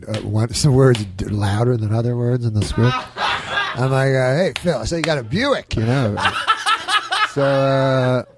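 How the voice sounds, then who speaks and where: A man's voice: medium pitch, gravelly, slight background noise. A man telling a rambling anecdote as a talk show guest, chuckling often and acting out what people said. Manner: rambling, chuckling, acts out quotes.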